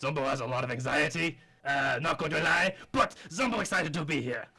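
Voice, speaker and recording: A man voicing an excitable, boastful male chef who speaks in broken English and calls himself by his own name in the third person. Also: on the high side, fairly quick, gravelly, full character voice. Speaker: comedy podcast guest. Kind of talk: improvised comedy sketch.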